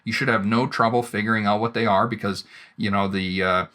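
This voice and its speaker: A man's voice: lowish voice, fairly even intonation, brisk, pushed and bright. A man giving a recorded lecture, explaining step by step with frequent "right?" check-ins. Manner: explanatory, with verbal restarts and tag questions.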